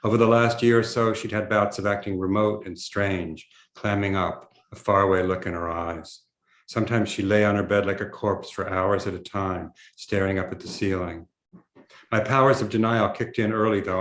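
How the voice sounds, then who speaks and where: A man reading aloud from his memoir in a measured storytelling way over a video call. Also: deep voice. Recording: roomy echo.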